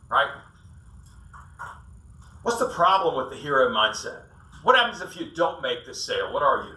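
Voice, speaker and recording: Speaking at medium pitch with big swings, normal speed, and long pauses, this man's voice comes across pushed and bright. He's a sales coach from South Carolina giving an audience a casual, folksy talk full of stories and acted-out quotes. The echoey hall and distant room mic leave him sounding far away.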